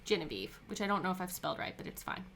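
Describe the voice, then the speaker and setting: A woman's voice: lowish voice, sing-song, racing, creaky, a bit bright, slight background noise. A woman co-hosting a livestreamed board game demo, chatting casually and explaining each step as she plays. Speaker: co-host demoing board games.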